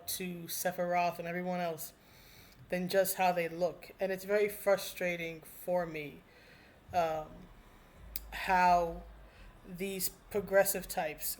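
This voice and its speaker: Rambling, earnest solo commentator. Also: medium pitch. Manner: rambling and hesitant, with frequent restarts and fillers; earnest and heartfelt. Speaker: video commentator. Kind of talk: casual spoken commentary.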